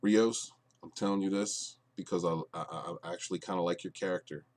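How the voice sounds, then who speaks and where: A man giving an exasperated review of a TV show, with lots of fillers and restarts, dropping to low mutters and then bursting out loud. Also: steady tone, brisk. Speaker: podcast reviewer. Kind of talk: ranting review commentary.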